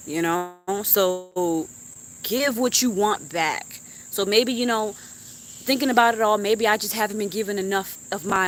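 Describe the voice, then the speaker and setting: A young woman venting on a live stream in a heartfelt, animated way, with swearing and laughter. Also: medium pitch. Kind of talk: emotional casual chat.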